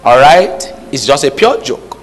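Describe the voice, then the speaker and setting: A man with an animated mid-range voice preaches at a measured pace in a church hall, where his words reverberate. His sermon runs on call-and-response, quizzing the congregation with repeated "All right?" checks.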